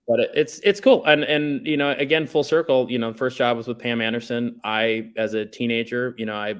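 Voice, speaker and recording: A man's voice: medium pitch, steady tone, fairly quick, clean tone. A man chatting casually on a podcast as a guest, telling stories in a laid-back, rambling way with lots of fillers. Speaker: guest, documentary writer and director.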